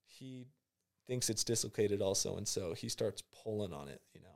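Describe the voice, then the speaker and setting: A man's voice: fairly low pitch, moderate pace, creaky. A young man, a college football player, telling a story in casual chat with slang and acted-out reactions. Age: young adult. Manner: laid-back storytelling, slangy, acts out his own reactions.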